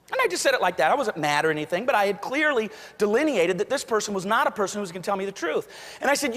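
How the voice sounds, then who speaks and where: Male keynote speaker, lively storyteller, slightly high voice, long hall reverb. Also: very fast. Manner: storytelling, acts out quoted voices. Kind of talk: motivational keynote speech.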